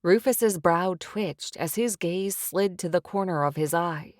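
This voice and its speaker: A woman narrating an audiobook in a measured first-person storytelling manner. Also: on the low side, no room sound, studio quality. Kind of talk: scripted narration.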